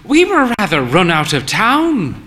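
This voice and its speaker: Guy doing a shaky high old lady in furs, proud and a bit spooky-cheerful, storybook reading. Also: wildly swooping pitch, unhurried, fairly bright tone, exaggerated voice. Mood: theatrical. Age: older. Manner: high quavering, theatrical.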